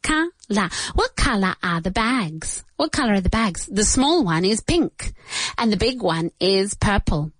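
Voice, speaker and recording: Slow, careful woman teaching English. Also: medium pitch, expressive, no room sound. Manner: repeats each answer slowly, switches to Spanish to explain. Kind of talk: beginner English lesson.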